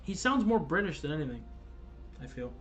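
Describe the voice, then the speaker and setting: A man's voice: fairly high pitch, very animated, brisk, a bit bright, faint music behind. A man hosting a casual gaming livestream, chatting loosely with viewers, swearing and stumbling over restarts and fillers. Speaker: livestream host.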